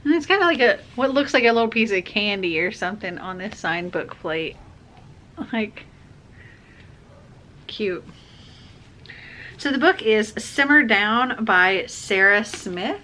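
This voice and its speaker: A woman chatting casually as she unboxes book subscription boxes, gushing excitedly over each item. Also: medium pitch, a little slow, long pauses. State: has the hiccups.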